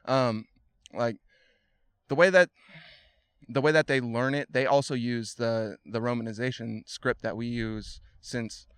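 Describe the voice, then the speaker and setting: A man talking as a podcast guest, explaining things thoughtfully and slowly, with many fillers and restarts. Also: mid-range voice, fairly even intonation, fairly bright tone, smooth, no echo. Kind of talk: casual conversation.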